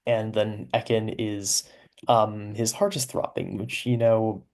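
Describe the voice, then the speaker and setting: An author gives casual commentary on his own serialized story, speaking slowly in a lowish, slightly mellow voice with a level tone. He's chatty and amused, laughs often, and explains with plenty of asides.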